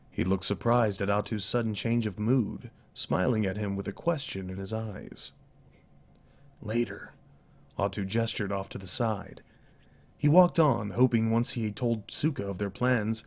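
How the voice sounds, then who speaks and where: A man narrating a novel aloud in a live-streamed dry reading, deliberate and with occasional self-corrections. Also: on the low side, vocal fry. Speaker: audiobook narrator.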